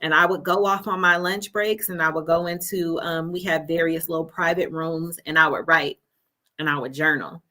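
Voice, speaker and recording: A woman's voice: deep voice, steady tone, moderate pace, sharp tone. A woman life coach, a guest on a talk show, telling her story earnestly from her home office and often checking in with "right?". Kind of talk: conversational interview.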